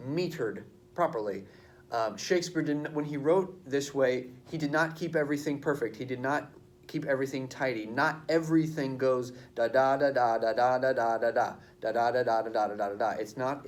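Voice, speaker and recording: A male teacher walks his students through a writing assignment. He talks in an easygoing, chatty way and sounds out rhythms aloud at a middle pitch. A faint hiss of background noise sits under the voice. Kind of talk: classroom lesson explained at a board. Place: classroom.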